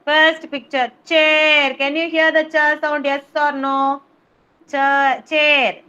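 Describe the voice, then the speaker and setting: Woman kindergarten teacher, slow sing-song phonics drilling over video call, high-pitched. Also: flat delivery, sharp tone, highs cut off. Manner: slow, drawn-out sounding of letters, patient repetition. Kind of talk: online phonics lesson for young children.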